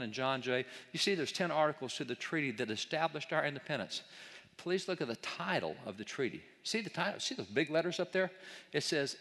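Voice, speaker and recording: A man's voice: a little high, a bit bright. Emphatic man lecturing in a reverberant hall. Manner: emphatic, rhetorical, mocking quoted opponents. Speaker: speaker on history. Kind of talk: lecture with slides to an audience.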